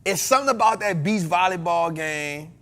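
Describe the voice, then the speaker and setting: An American man hosting a casual chat, joking and breaking into loud exclamations. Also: sits high, moderate pace. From United States. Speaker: podcast host.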